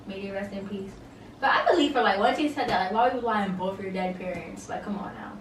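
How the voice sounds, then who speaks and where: A woman's voice: medium pitch, expressive, fast talker, slight background noise. Blunt, chatty young woman in a roomy space. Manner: chatty, blunt, opinionated, filler-heavy. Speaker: reality TV reviewer. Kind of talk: casual recap chat. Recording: roomy, mic at a distance, faint ambience.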